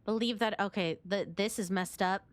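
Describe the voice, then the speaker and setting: A woman's voice: mid-range voice, steady tone, normal speed, no room sound. A young woman streamer reading game dialogue aloud and reacting emotionally, ranting and exclaiming.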